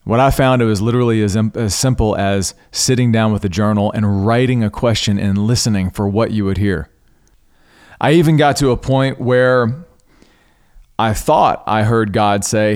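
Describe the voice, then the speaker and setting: A man hosting a podcast, earnestly recounting a personal spiritual experience in an unhurried way, pausing and restarting mid-thought. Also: on the low side, a little mellow, clear, resonant tone. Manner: spiritual, devout tone. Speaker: podcast host. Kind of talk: reflective personal storytelling.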